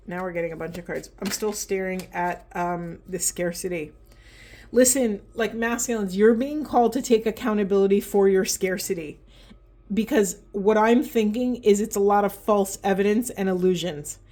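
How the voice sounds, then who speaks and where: A woman talks through an oracle card reading in a warm, mellow voice. She is earnest and impassioned, urging her listeners on. Her pitch sits in the middle for a woman. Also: fairly even intonation, normal speed. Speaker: spiritual tarot reader.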